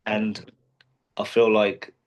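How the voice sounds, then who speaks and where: A professional boxer being interviewed, talking casually with many restarts and fillers. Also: male voice, lowish voice, completely flat delivery, takes it slowly, muffled recording. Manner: rambling, frequent restarts and fillers.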